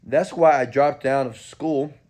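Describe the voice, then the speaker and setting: Animated man from Houston on a live Q&A. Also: mid-range voice, a little slow. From Houston, Texas. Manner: animated, talks straight to viewers with frequent "okay?". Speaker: entrepreneur answering live chat questions. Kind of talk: casual live-stream Q&A.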